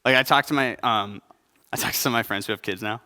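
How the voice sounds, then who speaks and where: Young guy pastor preaching, bright clear voice, chatty and jokey, keeps asking the crowd stuff. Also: on the low side, quick pace, in a large hall. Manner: conversational and joking, asks the audience questions. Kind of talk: sermon. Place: church service before a congregation.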